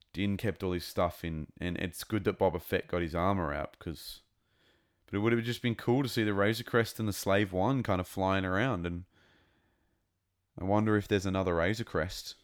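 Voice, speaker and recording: Deep-voiced rambling man reviewing an episode. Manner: rambling and excitable. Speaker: show reviewer.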